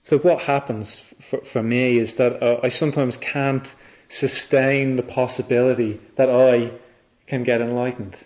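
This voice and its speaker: A man giving a Buddhist dharma talk, reflective and halting, often restarting his phrases. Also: mid-range voice, steady tone, a little mellow. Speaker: Buddhist teacher.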